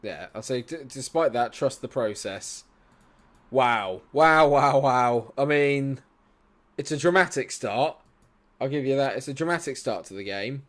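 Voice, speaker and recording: A man's voice: mid-range voice, expressive, moderate pace. Sweary young man streaming a game. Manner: sweary, swings from mutters to shouts; talks back to the game and chat. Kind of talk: live gaming commentary.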